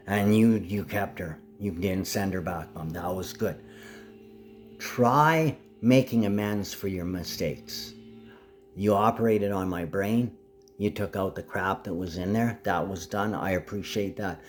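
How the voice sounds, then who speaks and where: A man's voice: low voice, measured pace. A man talking to camera in a rambling monologue, agitated and drifting in and out of anger as he speaks to absent family members. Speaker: vlogger.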